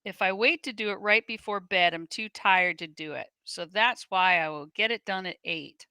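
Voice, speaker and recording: A woman co-hosting, reading viewer comments and questions aloud in a steady way with the odd dry aside. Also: mid-range voice, moderate pace, clean tone, no room sound.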